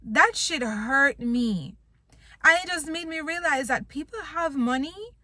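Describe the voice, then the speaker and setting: A woman's voice: sits high, lively intonation, unhurried, bright, forceful tone, no room sound. A young woman vlogging, venting bluntly and with plenty of swearing about wanting to quit her job. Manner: frustrated, blunt, swears a lot. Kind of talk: venting to camera.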